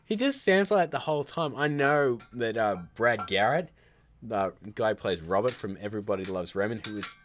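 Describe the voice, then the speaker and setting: A man's voice: medium pitch, a little hiss or hum. A man hosting a live stream from home, chatting casually and rambling through his opinions, often stopping and restarting his sentences. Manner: rambling, opinionated, self-interrupting. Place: at home by a computer, child nearby.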